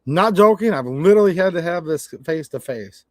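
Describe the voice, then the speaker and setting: A man's voice: fairly high pitch, animated, fairly quick, no room sound, studio quality. A man from Michigan with a Michigan accent, hosting a casual livestream rant, blunt and swearing as he tells stories. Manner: blunt, swearing, storytelling with quoted exchanges. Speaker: channel host.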